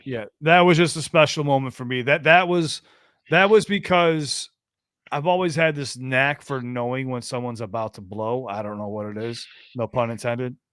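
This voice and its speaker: American guy hosting a podcast, chatty, repeats himself, smooth resonant voice, pretty dry sound. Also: medium pitch, normal speed, fairly bright tone, dry recording. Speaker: podcast host taking calls. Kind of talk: casual call-in chat.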